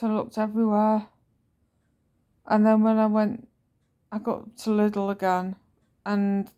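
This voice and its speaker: A woman's voice: mid-range voice, dark tone. A woman telling a personal story in a casual, rambling vlog. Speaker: vlogger.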